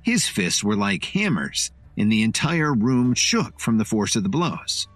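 A man's voice: fairly low pitch, big pitch swings, measured pace, a bit bright, no room sound, soft background music. A man giving dramatic storybook narration.

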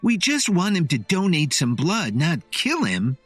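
A man voicing an angry relative who argues and yells in a storybook reading. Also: fairly high pitch, wildly swooping pitch, unhurried, dry recording, soft background music, pitched above the performer's own voice, heavily acted. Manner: arguing, yelling. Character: angry resentful male relative.

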